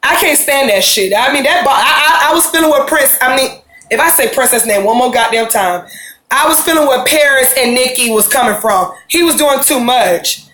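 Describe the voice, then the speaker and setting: Chatty, high, bright-voiced woman recapping. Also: lively intonation, normal speed, echoey room, a little hiss or hum, low-quality recording. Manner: chatty, opinionated, acts out quotes with slang. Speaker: reality TV recap host. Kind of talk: casual recap commentary.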